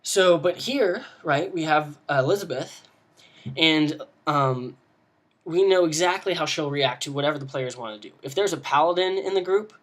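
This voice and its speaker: A man's voice: a little high, normal speed, fairly bright tone. A man giving casual advice on running tabletop games, rambling with many fillers and restarts. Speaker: game master giving advice. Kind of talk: casual video lesson.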